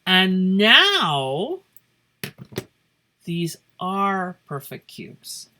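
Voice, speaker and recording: A woman's voice: lowish voice, big pitch swings, drawn-out words, sharp tone, a little hiss or hum. A woman teaching a math lesson in a playful, joking way, thinking aloud as she works through problems. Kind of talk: casual classroom lesson. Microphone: phone camera over paper.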